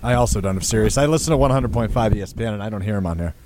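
A man's voice: on the low side, rapid-fire, noisy background. A man on a sports radio show running a quiz segment, needling and playful in casual studio banter.

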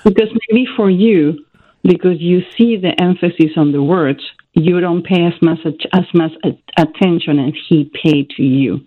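A woman's voice: fairly low pitch, moderate pace, no echo. A woman guest expert giving earnest, coaching advice on a radio call-in. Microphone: phone. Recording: tinny phone line.

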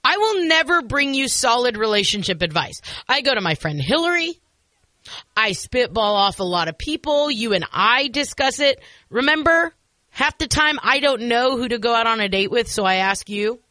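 Chatty self-deprecating lady radio host, bright sharp voice, dry studio sound. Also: fairly high pitch, animated, normal speed, dry recording. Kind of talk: casual radio chat.

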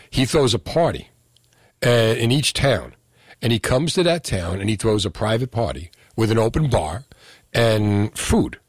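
A New man hosts a call-in radio show, low in pitch and chatty, spinning a story with quick asides. His voice is dry and close to the mic. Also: no echo. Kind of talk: casual call-in radio talk.

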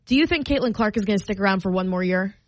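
A woman's voice: medium pitch, fast talker, no room sound. A woman co-hosting a podcast in casual chat, upbeat and enthusiastic with lots of fillers. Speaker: podcast co-host.

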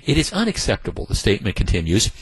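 A man's voice: fairly low pitch, huge pitch swings, quick pace, husky, low-quality recording. A man hosting a talk radio show, delivering indignant, emphatic commentary full of rhetorical questions into a studio microphone.

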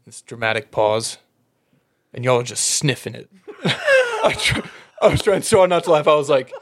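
A man telling animated football stories in casual chat, laughing often. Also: on the high side, normal speed.

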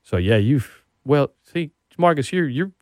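A man hosting a radio show, chatting casually and telling stories with animated excitement. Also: mid-range voice, measured pace, no echo, clean studio sound. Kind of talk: casual chat.

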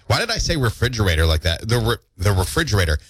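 A man's voice: lowish voice, wildly swooping pitch, fast talker, a bit bright, dry recording. A man hosting a morning radio show with playful, jokey banter from a studio mic. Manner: playful, jokey, self-mocking. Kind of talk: casual on-air banter. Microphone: studio microphone.

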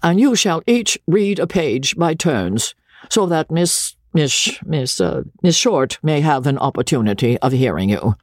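A man voicing a prim, priggish young gentleman who stumbles over names while lecturing. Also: on the high side, sing-song, a little slow, dry recording, clean studio sound, pitched above the performer's own voice, heavily acted.

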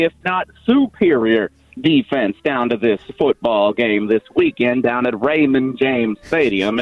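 A man's voice: extremely high pitch, dry recording, full character voice. Man doing a put-on drawling lawyer; mock courtroom bit, dull studio audio. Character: stuttering put-on defense lawyer, a grown man. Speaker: radio co-host playing defense lawyer. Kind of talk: mock courtroom closing argument.

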